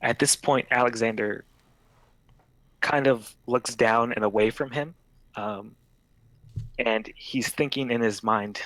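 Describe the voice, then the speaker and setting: A man's voice: mid-range voice, fairly even intonation, slow, pauses often, a bit bright, no room sound, rough recording. A man playing a tabletop role-play game, describing his character's actions hesitantly with many fillers. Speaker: player. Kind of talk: narrating a tabletop audition game.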